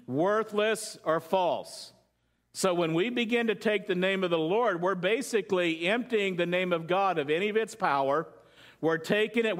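A man's voice: high-pitched, fairly bright tone. A man preaching a sermon to a congregation in a loose, conversational way, joking and asking them questions. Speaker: pastor.

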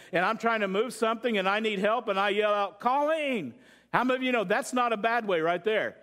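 A man's voice: high-pitched, a bit bright. A middle-aged male pastor preaching a sermon with humorous illustrations, conversational, often asking the congregation questions.

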